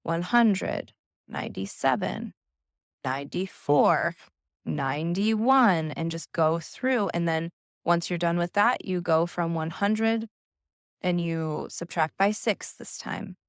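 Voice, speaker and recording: A woman coach giving calm, gentle instructions in a slow, soothing manner. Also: on the low side, no room sound, clean studio sound. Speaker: nervous system coach.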